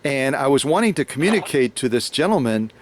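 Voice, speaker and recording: An American man hosts a relaxed chat, spinning a long anecdote in an easygoing, meandering way. He stops and restarts often, padding his sentences with fillers. His voice sits at an ordinary middle pitch. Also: brisk. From United States. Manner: rambling, many fillers and restarts. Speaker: host, sewing machine restorer. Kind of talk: casual storytelling conversation.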